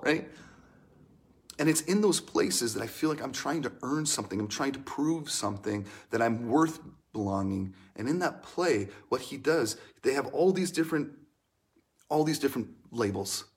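A young adult pastor preaches a sermon with earnest emotion, his medium-pitched voice animated at a moderate pace. He drops into hushed lines, then rises in bursts.

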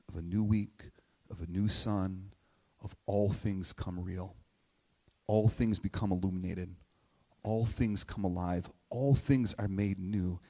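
A man's voice: fairly low pitch, a little mellow, breathy edge. Man preaching in an echoing hall. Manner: conversational, keeps asking "right?"; emotional, near tears at times. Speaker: pastor. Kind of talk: sermon. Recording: long hall reverb.

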